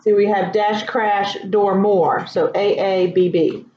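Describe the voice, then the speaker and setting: A woman teaching a writing lesson in a casual, relaxed way, with lots of ums and asides. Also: mid-range voice, takes it slowly, slight background noise. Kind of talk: casual classroom instruction. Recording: echoey room, dull lo-fi sound.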